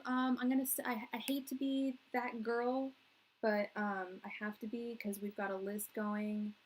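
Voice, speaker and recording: A young tarot reader from England chats loosely with her live-stream viewers, slangy and easygoing, laughing often as she rambles. Her slightly high voice keeps a level tone and a measured pace. The recording quality is low.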